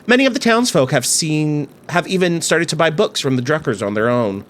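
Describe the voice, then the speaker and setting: A man's voice: fairly high pitch, expressive, a little fast, lightly acted. A man reading a stern priest confessor. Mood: grave. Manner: grave, admonishing. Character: stern, pious male priest hearing confession. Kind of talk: reading game dialogue aloud.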